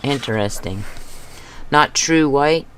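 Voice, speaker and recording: A woman hosting a craft video, chatting casually as she paints, thinking aloud and talking to herself with soft chuckles. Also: very deep voice, slow, slight background noise. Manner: soft chuckles between remarks.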